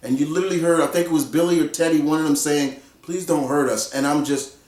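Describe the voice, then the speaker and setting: A man giving a casual spoken film review, excitable and repetitive, acting out his own reactions. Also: a little high, quick pace, echoey room, distant mic. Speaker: movie reviewer.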